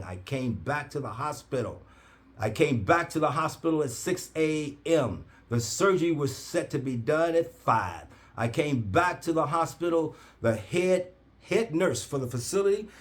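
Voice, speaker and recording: A man telling an animated story in a preacher-like cadence, acting out quoted voices with big jumps in pitch. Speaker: herbal oil seller.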